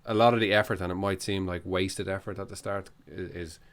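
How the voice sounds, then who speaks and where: A man's voice: low voice, steady tone, fairly quick. A man hosting a casual podcast interview, thinking aloud with restarts and short backchannels. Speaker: podcast host.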